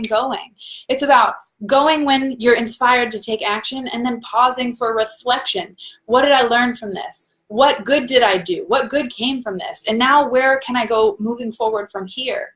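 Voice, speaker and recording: Woman doing a live tarot stream, kinda high voice, warm and encouraging, calls everyone guys, laughs a lot. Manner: reads out viewer comments, laughs often.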